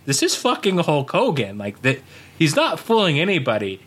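A man's voice: fairly high pitch, wildly swooping pitch, moderate pace, fairly bright tone, husky, full character voice. A man putting on an exasperated, ranting male wrestling boss.

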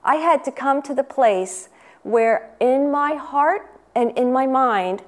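A woman delivers a devotional sermon at a slow, deliberate pace. Her voice sits a little high, and she speaks earnestly, stressing her points and turning to the listener with questions. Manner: earnest, asks the listener questions, reads quotations; unhurried, emphatic. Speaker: Sunday school teacher giving a devotional.

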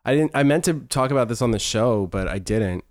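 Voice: mid-range voice, animated. A podcast host chats casually in a mid-range voice, often stopping and restarting sentences. The sound is close and dry, with no room echo. The delivery is loose and conversational. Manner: halting, with frequent restarts. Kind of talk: casual chat.

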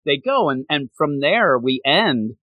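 Man, casual podcast chat, lively swooping pitch, slightly high voice, dry close sound. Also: measured pace, no room sound, dull audio. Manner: animated storytelling, acts out characters' lines, laughs often. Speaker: comic book podcast co-host. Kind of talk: casual chat recapping a comic.

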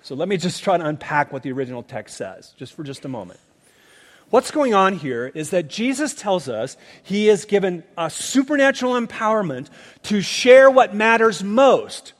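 A man's voice: sits high, sing-song, normal speed. A man preaching a sermon, teaching through scripture with emphatic asides to the listeners. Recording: long reverb of a large hall.

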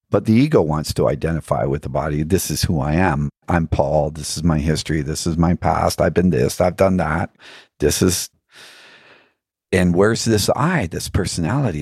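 A man's voice: a bass voice, gravelly, darkish tone, husky, no room sound, clean studio sound. A middle-aged man telling his own story on a podcast, earnest and reflective, often laughing and acting out other voices. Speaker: podcast guest.

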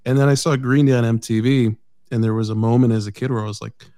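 A man chatting casually, relaxed and a bit self-deprecating. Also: mid-range voice, fast, dry recording, clean studio sound. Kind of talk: casual chat.

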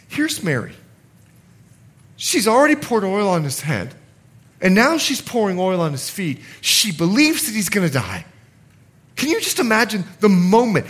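Lively, high-pitched, bright-voiced preaching pastor. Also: male voice, normal speed. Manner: dramatic preaching with acted-out quotes and sudden swings from hushed to loud. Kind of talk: sermon. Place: church sanctuary.

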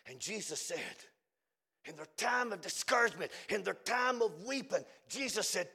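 A man preaching a fiery revival sermon, swinging between shouted lines and hushed, low, drawn-out phrases. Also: lively intonation, gravelly, slightly rough.

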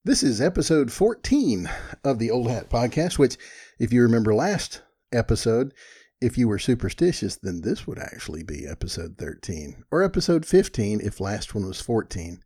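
A man's voice: medium pitch, big pitch swings, normal speed, warm tone, breathy edge. An older man, hosting a podcast with rambling, folksy, self-deprecating chat. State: a little out of breath. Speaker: podcast host. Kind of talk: casual solo podcast talk.

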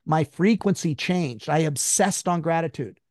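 Intense, blunt man with a higher voice. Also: unhurried, darkish tone, dry recording, clean studio sound. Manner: emphatic, blunt, swears freely; high-strung, intense. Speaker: guest. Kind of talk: personal story in an interview.

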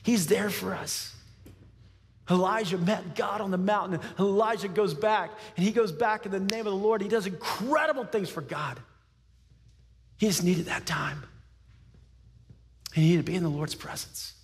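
A male pastor preaching a sermon, telling a story with lively acted-out voices and frequent laughs. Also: sits high, normal speed, big-room sound, a little hiss or hum. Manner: animated storytelling, acts out voices, laughs often.

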